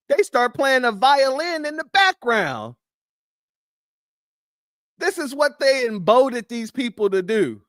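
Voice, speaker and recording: Guy reacting to clips, sarcastic and disbelieving, swoopy voice, slow drawl, dry sound. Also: high-pitched, fairly bright tone, no echo. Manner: incredulous, mocking, exclaiming. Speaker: commentary host. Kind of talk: reaction commentary.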